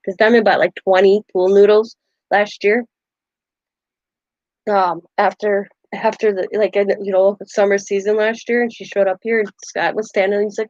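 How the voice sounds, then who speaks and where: A woman's voice: medium pitch, flat delivery, moderate pace, darkish tone, no echo, highs cut off. A woman hosting a casual craft livestream, rambling through stories and laughing often. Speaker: craft channel host.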